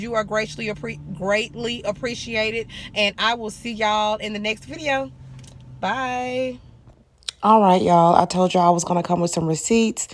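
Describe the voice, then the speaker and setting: This young woman from Arkansas, USA, is an esthetician who vlogs casually, giving sassy, no-nonsense business advice and addressing viewers as honey and baby. Her voice is mid-range, with a little hiss or hum in the recording.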